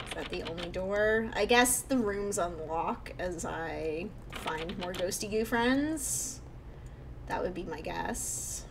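In rough-sounding audio with a bit of hiss or hum, a young woman with a medium-pitched voice provides chatty let's play commentary. She reacts out loud and frequently talks under her breath.

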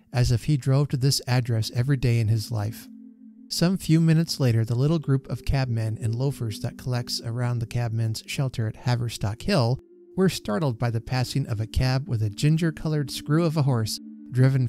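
Male storyteller, warm mellow voice, middle pitch, measured and expressive, faint music underneath. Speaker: reader and channel host. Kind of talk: storytelling reading.

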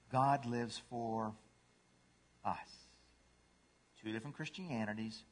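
A man's voice: mid-range voice, fairly bright tone. A middle-aged male pastor preaching a sermon, jumping into playful voices for cats and dogs.

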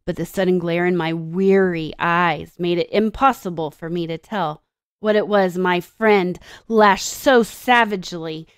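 A woman teacher reading a story aloud to children and explaining it, with expressive storytelling and dramatic pauses. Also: on the low side, clear, resonant tone, no echo, studio quality.

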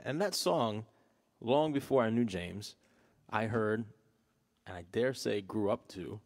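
A man co-hosting a livestream music show, chatting casually between songs in a rapid, rambling way. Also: fairly low pitch, lively intonation, darkish tone. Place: outdoors in a back yard.

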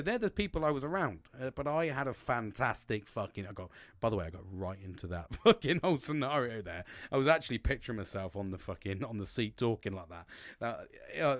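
A middle-aged man hosting a podcast, rambling and swearing in a casual monologue. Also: no room sound. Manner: rambling, swears a lot, animated swings in pitch. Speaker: podcast host.

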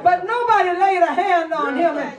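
High-voiced woman preaching in echoey church. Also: lively intonation, moderate pace, dull audio, a faint crowd. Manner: rising to shouts and sung phrases, acting out the Pharisees. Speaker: bishop preaching. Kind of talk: call-and-response sermon. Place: church service. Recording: echoey church with congregation, mic heard from a distance. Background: congregation responding, organ music.

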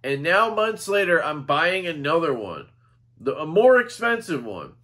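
A man's voice: on the high side, very animated, a little slow, pushed and bright. An American man giving a casual, rambling knife review, enthusiastic and profane, with lots of fillers.

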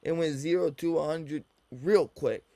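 A man's voice: on the high side, measured pace, warm tone, dry recording. A man giving teasing, profane reaction commentary while watching a video. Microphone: desk mic, looking at a screen.

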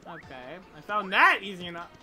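A woman streamer chatting excitedly while playing a game. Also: lowish voice, fairly quick, faint music behind. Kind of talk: let's play commentary.

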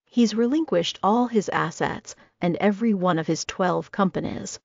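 A woman voicing a flamboyant, overly dramatic man in an audiobook, in a slightly higher, fussy tone. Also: normal speed, creaky, dry recording. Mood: theatrical. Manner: theatrical, fussy. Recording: dull lo-fi recording.

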